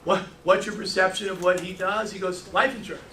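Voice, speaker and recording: With a high, steady, sharp-toned voice, a man talks briskly through a live sales training session for a small meeting-room audience. He comes across as a brash joker who tells stories and asks the room questions. The distant mic picks up echo plus a little hiss or hum.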